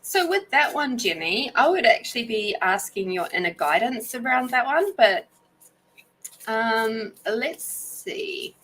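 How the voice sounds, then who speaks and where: A woman's voice: on the high side, big pitch swings, slow pace, rough recording. A woman hosting a live intuitive reading session, chatty and giggly as she talks to viewers. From Australia. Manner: chatty, giggly, warm storyteller. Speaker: intuitive reader and podcast host.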